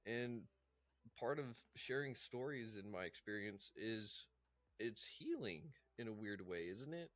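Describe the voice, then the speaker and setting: A man's voice: lowish voice, lively intonation, unhurried, a bit bright, no room sound. A man hosting a recovery podcast, talking in a reflective, casual way with many fillers. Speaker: podcast host. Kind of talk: casual supportive chat.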